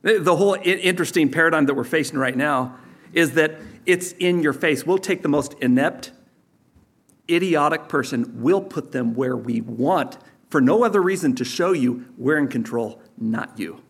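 A man's voice: a little high, expressive, normal speed, husky. A man preaching a sermon as pastor, teaching in a conversational way with sarcastic asides.

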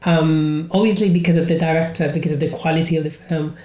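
Woman podcast host, very low voice, halting with fillers, roomy echo. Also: fairly even intonation, warm tone. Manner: hesitant, many fillers and "like"s. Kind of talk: casual interview chat.

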